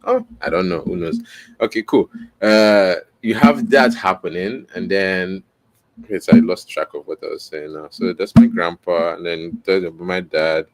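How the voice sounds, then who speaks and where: Guy doing a podcast, low-ish voice, rambly, keeps saying right?, camera mic in a room. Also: moderate pace. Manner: rambling, self-correcting, asks "right?" often. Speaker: podcast host. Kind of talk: casual explainer, teaching on camera.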